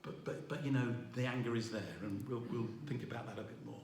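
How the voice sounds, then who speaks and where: A middle-aged man, preaching a sermon in a halting way, with many restarts and fillers. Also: mid-range voice, fairly even intonation, gravelly, darkish tone, recorded from a distance, slight background noise. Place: church hall. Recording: roomy echo, voice from afar.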